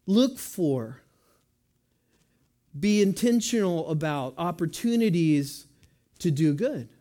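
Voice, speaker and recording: High-voiced man preaching a conversational sermon. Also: a little mellow. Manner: conversational, asks the congregation questions and answers in voiced asides. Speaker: pastor.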